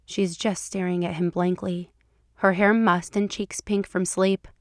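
A woman reading fan fiction aloud for a podcast, telling the story in an even, measured way. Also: lowish voice, dry recording, studio quality. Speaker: podcast reader.

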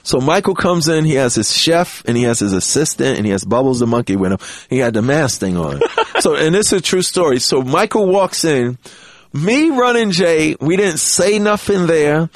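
A man guesting on a podcast, telling an anecdote in an animated, profane way and acting out the quotes. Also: a little high, moderate pace, dry recording. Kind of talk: storytelling anecdote.

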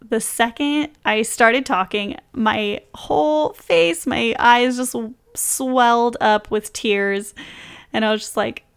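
A woman's voice: fairly high pitch, gravelly, clean tone. A young adult woman telling a personal story in a casual, bubbly way, laughing often as she retells it. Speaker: vlogger. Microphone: close mic, reading from a journal.

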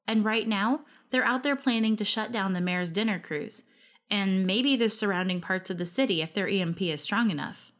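A woman's voice: medium pitch, moderate pace. Wry woman narrating a story. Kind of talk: first-person story narration.

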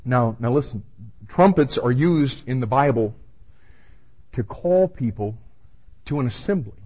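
A man's voice: medium pitch, expressive, unhurried, a little mellow, breathy edge, poor audio. A male pastor preaching a verse-by-verse sermon, emphatic and repeating words as he starts each point.

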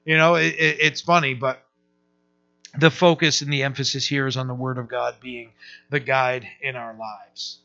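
A man, a pastor, teaching through a Bible passage in a casual, halting way, often restarting and checking in with "right?". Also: mid-range voice, steady tone, creaky, pushed and bright, lo-fi sound.

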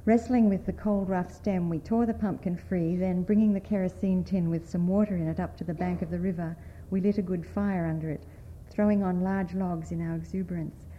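A woman's voice: on the low side, lo-fi sound, a little hiss or hum. Woman reading a story aloud. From United States. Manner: measured, expressive storytelling. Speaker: writer reading at a panel.

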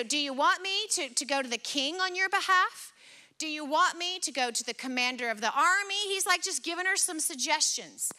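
A woman delivers a sermon in a very high, bright voice. She talks to the congregation in an earnest, conversational way, retelling scripture in everyday words. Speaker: preacher.

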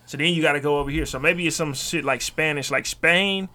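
A young man talking fast and loose in a relaxed group podcast. His voice sits a touch high for a man. He tells stories with plenty of cursing. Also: no echo. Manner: loose, profane, storytelling. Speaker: podcast co-host. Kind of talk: casual group chat.

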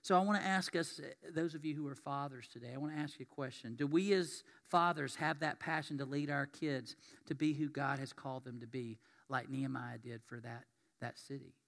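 A man's voice: medium pitch, fairly even intonation, a little fast, vocal fry, fairly bright tone. A man preaching a sermon as pastor, in a conversational, folksy way that acts out quoted voices. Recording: long hall reverb.

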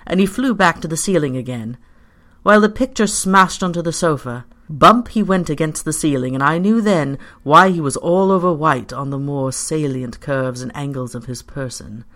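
In a medium pitch, the narrator performs a first-person story from a script, keeping the reading steady and measured while still expressive.

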